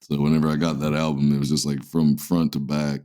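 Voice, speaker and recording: A man's voice: a bass voice, flat delivery, a little fast, dark tone. A man co-hosting a podcast in a laid-back, rambling chat, swearing freely. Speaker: podcast co-host. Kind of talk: casual chat.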